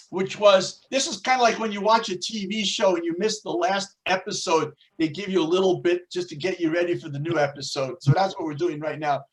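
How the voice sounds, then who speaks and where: A man teaching a religious class, telling stories and explaining words in a deliberate, explanatory way. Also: high voice, poor audio. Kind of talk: storytelling religious lesson.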